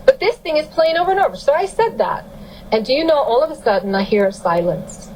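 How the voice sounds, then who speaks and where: Woman guest, higher voice, emphatic storyteller, slight noise under the voice. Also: big pitch swings, fairly quick, darkish tone, poor audio. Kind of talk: casual storytelling.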